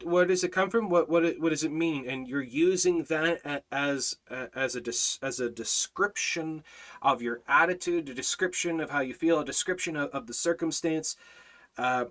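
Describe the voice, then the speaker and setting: A man's voice: fairly high pitch, a bit bright. A man hosting a Bible study, speaking earnestly and emphatically, reading out scripture and restarting his sentences often.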